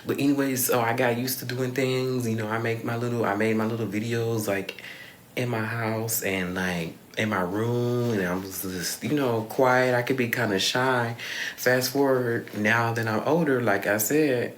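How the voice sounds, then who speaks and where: A young man talks candidly in a rambling confessional vlog, swearing freely and sighing often. His mid-range voice has fairly even intonation and a moderate pace, recorded in an echoey room with slight background noise.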